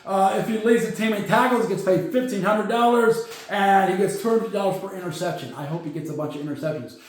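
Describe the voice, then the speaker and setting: A man's voice: high-pitched, fast talker. A man hosting a casual sports talk show, chatty and rambling, stumbling over numbers. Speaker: podcast host. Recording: very echoey room.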